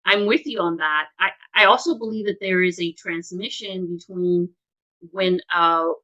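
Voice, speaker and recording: A woman host speaks in a fairly low voice, encouraging and appreciative toward her guest. The audio is dull and lo-fi, like a call recording. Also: fairly even intonation, moderate pace, bright, forceful tone. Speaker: interview host and publisher. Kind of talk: casual interview.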